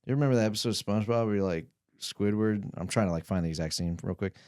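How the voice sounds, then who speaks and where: A man's voice: fairly low pitch, fast, a little mellow, clear, resonant tone. A young man in casual podcast chat, rambling and swearing with lots of fillers. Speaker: podcast guest.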